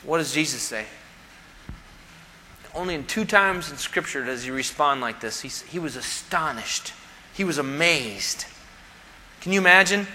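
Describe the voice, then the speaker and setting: A male pastor preaching emphatically in a church sanctuary, his voice high for a man and strikingly bright. He acts out the voices he quotes, and a long hall reverb hangs behind every phrase. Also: expressive, measured pace, pauses often, a little hiss or hum. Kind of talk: sermon.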